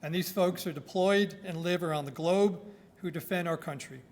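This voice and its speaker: A man with a New York accent, an army officer giving a formal ceremonial address in a measured, projecting way into a microphone. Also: fairly high pitch, in a large hall. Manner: projecting, measured delivery with listed phrases. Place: indoor government building hall. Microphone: speaking into a microphone.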